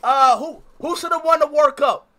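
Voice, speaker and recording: A man streaming in public, chatting loudly and playfully with strangers in a casual, teasing way. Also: very high-pitched, moderate pace, a crowd in the background. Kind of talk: casual street chat with strangers.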